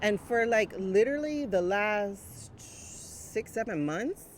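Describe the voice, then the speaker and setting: A woman's voice: medium pitch, lively intonation, takes it slowly. A woman, chatting casually to her viewers outdoors with a phone mic, laughing often. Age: 40s. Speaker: brand coach. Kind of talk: casual vlog chat. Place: outdoors by a street. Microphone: small mic plugged into a phone. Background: faint traffic.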